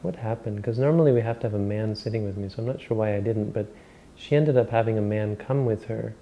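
Gravelly low-voiced monk giving a talk. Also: male voice, dark tone, a little hiss or hum. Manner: rambling, halting, many restarts and self-corrections. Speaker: Buddhist monk teacher. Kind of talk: informal dharma talk.

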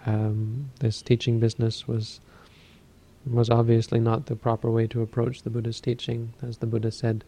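A man who teaches Buddhism, giving a dharma talk and telling a story in a calm, measured way. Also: mid-range voice.

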